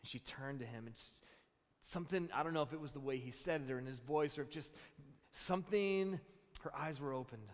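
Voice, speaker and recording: A pastor in his thirties preaching a sermon, telling stories with animated, repeated phrases. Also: a little high, brisk. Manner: animated storytelling with repeated words. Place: large church hall. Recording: long reverb in a church hall.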